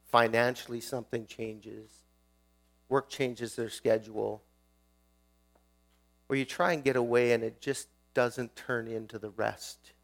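A male pastor with a medium-pitched, fairly bright voice preaches conversationally. He frequently puts questions to the people listening.

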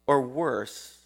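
A man's voice: mid-range voice, creaky, fairly bright tone, breathy edge. A male pastor preaching a sermon in a conversational way, often putting questions to his listeners.

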